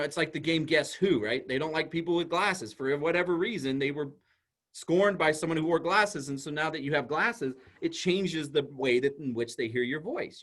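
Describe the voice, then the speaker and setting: A man, a school psychologist, giving an animated presentation to an audience and explaining ideas through everyday examples. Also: fairly high pitch.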